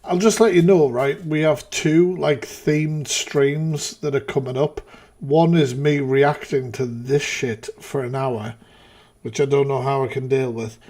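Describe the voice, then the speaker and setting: A man's voice: medium pitch, fairly even intonation, unhurried, darkish tone. A man hosting a live reaction stream, talking casually with exasperated, profane rants.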